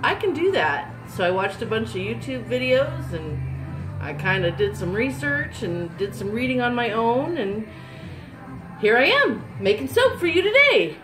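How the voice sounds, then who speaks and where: A woman's voice: fairly high pitch, sing-song, normal speed, roomy sound, music in the background. A middle-aged woman, chatting in a bubbly, upbeat way while she shows how she makes soap. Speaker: soap maker. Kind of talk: casual how-to vlog.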